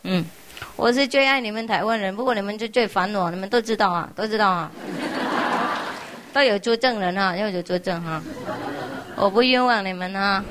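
A woman's voice: medium pitch, moderate pace, pauses often, fairly bright tone, some chatter behind, a little hiss or hum, rough recording. A woman spiritual teacher giving an informal farewell talk to her followers, speaking simple English that is not her first language and laughing often in an affectionate, teasing way. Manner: simple, non-native English phrasing.

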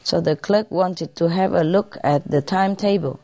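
A woman's voice: lowish voice, normal speed, dark tone, dry recording. A woman teacher reading jokes aloud to a class, chatty and storytelling.

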